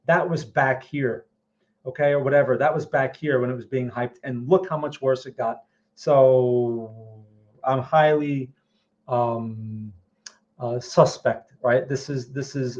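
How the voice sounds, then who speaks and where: A man's voice: mid-range voice, darkish tone. Blunt, skeptical man on a lo-fi stream. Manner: blunt and skeptical, repeats words and asks "okay?" and "right?". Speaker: trading channel host answering viewer questions. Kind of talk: casual live-stream market commentary.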